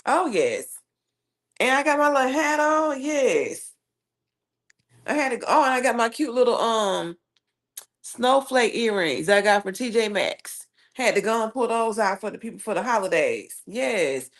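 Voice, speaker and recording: Hosting a casual live stream, a Southern US woman reads out viewer comments and tells stories with sass and animation. Her voice sits on the high side and she takes her time.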